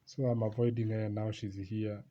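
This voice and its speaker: A man's voice: on the low side, flat delivery, normal speed. A young man casually telling a personal story, rambling and repeating himself, with laughs between lines. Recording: slightly dull lo-fi recording with faint noise.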